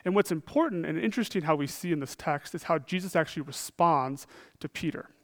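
A man preaching a sermon, earnest, often asking "right?" and moving between emphatic and hushed delivery. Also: fairly high pitch, fairly quick.

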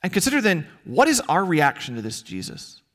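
Lively high-voiced male preacher. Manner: earnest preaching with dramatic pauses and rhetorical questions. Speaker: pastor. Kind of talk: sermon.

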